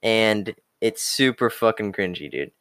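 A man's voice: fairly low pitch, animated, a little slow, fairly bright tone, no room sound, studio quality. Blunt profane young man ranting. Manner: blunt, swearing, repeats "okay" and "hard truth". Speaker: self-improvement talker. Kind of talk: profane motivational rant.

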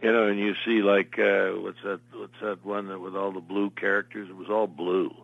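A man's voice: sits low, level tone, moderate pace, vocal fry, no room sound, highs cut off. An older man, an actor, telling long meandering stories as an interview guest. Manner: meandering anecdotal storyteller. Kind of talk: casual interview storytelling.

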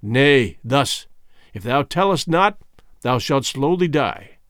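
A man voicing a stern, commanding king in an audiobook, with measured, grave pronouncements. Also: mid-range voice, lively intonation, fairly bright tone, no echo, studio quality. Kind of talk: audiobook character voice.

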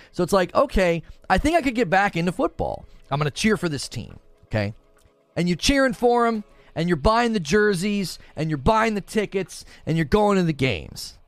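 A man hosting a gaming livestream, with a lively, rising and falling delivery that sits a bit high. He talks through examples and acts out little imagined quotes. The sound is dry and close, with faint music underneath. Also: no room sound. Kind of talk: casual livestream commentary.

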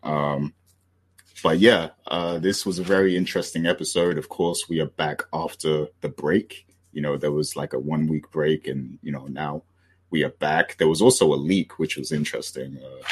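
Very deep-voiced husky British man. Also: normal speed. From Britain. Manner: relaxed and rambling, many fillers and restarts. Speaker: podcast host. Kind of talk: casual podcast chat.

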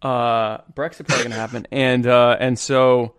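A man's voice: medium pitch, flat delivery, normal speed, a bit bright, clean tone, no echo, studio quality. A man co-hosting a casual political chat show, rambling and chuckling as he talks. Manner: rambling, chuckling, restarts often. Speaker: co-host.

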